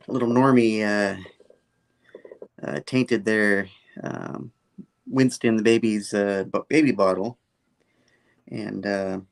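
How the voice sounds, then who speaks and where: A man with a lowish voice and vocal fry casually recaps a comic book story. He rambles, full of fillers, quoting the characters in passing with lots of "he's like" lines.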